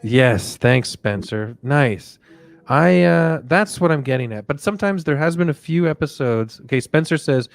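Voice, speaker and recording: A male comedian hosting a live show, rambling through a mock guided relaxation in a soft, drifting voice. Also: fairly high pitch, expressive, normal speed, gravelly, no room sound, faint music behind. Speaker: comedian and podcast host.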